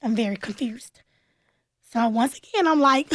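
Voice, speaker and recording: This is a plainspoken female nonprofit founder giving a radio interview, animatedly narrating her story and imitating the people she quotes. She talks slowly in a voice on the high side, captured as clean studio sound without echo.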